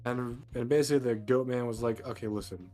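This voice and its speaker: A man's voice: mid-range voice, fairly even intonation, fairly quick, mellow, faint music behind. A young man casually recapping a tabletop game as game master, rambling and cursing as he jokes. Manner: rambling, profane, jokey storytelling.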